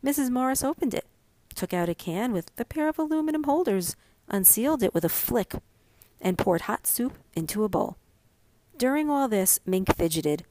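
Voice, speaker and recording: A woman reading a story aloud as narrator, calm and measured. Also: medium pitch, no room sound.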